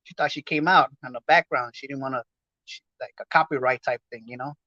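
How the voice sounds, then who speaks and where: A man's voice: mid-range voice, fairly even intonation, fairly quick, bright, forceful tone, dry recording. A man from Los Angeles hosting his podcast in a casual, rambling, slangy chat full of fillers. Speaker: podcast host. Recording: dull lo-fi dry sound.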